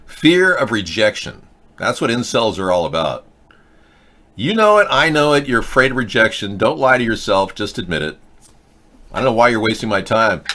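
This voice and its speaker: Male live-chat host; low, forceful voice; talks down to the audience and argues with them. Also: sing-song, moderate pace. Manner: blunt, lecturing, argumentative. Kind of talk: live video chat commentary, answering viewer comments.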